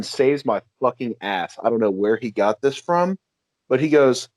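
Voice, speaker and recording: A man's voice: medium pitch, animated, moderate pace, darkish tone. A man hosting a casual podcast, telling crude, rambling stories. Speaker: podcast host.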